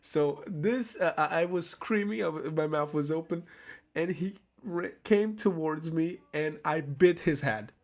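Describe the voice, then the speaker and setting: A vlogger with a fairly high voice and a slightly slow pace tells a story to camera in a casual, rambling way. He swears often, laughs at himself, and keeps restarting his sentences.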